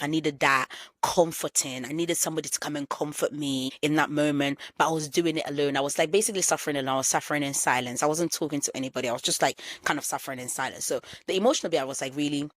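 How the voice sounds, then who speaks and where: A woman's voice: sits low, no room sound. A woman in her thirties hosting a solo podcast, reflecting candidly and repeating phrases for emphasis. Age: 30s. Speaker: podcast host.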